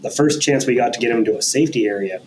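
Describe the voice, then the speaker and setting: A man casually discussing a movie as a podcast guest, speaking in a relaxed, practical way from his own experience. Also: mid-range voice, fast talker, a little hiss or hum, rough recording.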